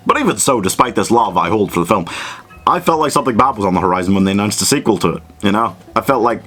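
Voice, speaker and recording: A man's voice: on the low side, animated, quick pace, fairly bright tone, breathy edge. A man giving a casual, comedic film review, sweary, self-mocking and enthusiastic.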